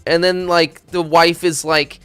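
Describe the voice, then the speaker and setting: A man live-streaming a game, ranting loudly with heavy swearing, then dropping into muttering. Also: on the high side, measured pace, clear, resonant tone, no echo, soft background music. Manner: loud profane ranting; animated, swings from loud to muttering. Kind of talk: casual live-stream chat.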